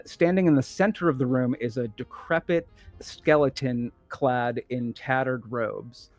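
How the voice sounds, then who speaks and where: A man's voice: medium pitch, dry recording. Man narrating as game master, dry close sound. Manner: descriptive, measured scene-setting.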